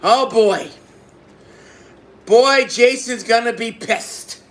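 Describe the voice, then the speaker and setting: A man giving a casual video review of a wrestling show, excitable, repeating himself and bursting into exclamations. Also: very high-pitched, extremely slow.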